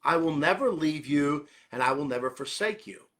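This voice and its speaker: A man voicing God as a calm, gentle presence who speaks softly and steadily. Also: a little high, moderate pace. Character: calm, gentle male divine voice.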